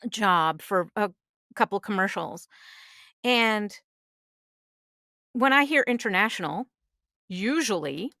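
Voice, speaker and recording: A woman, a singer and voice actress, chatting as a podcast guest, animated and laughing often. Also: mid-range voice, slow pace, long pauses, no echo, clean studio sound. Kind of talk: casual interview chat.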